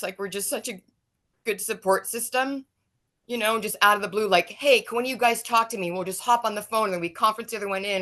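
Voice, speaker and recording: A woman on a group video call giving an emotional, earnest, halting thank-you. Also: medium pitch, pushed and bright. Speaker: guest on a support call.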